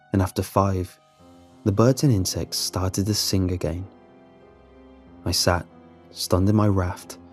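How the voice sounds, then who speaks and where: Man, horror story narrator, first-person, deep-ish voice, husky, measured delivery. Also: a little mellow.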